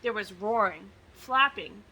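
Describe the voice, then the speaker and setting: A woman reading a picture book aloud to children with expressive, sing-song storytelling. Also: mid-range voice, unhurried, low-quality recording. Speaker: student success advisor reading to children.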